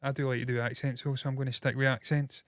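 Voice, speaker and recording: A Scottish man hosting entertainment news in casual solo commentary, talking fast with a slightly nasal voice, swearing freely and mocking himself. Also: medium pitch, little pitch movement, a bit bright, dry recording, studio quality. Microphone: processed with equalizers, compression and noise gate.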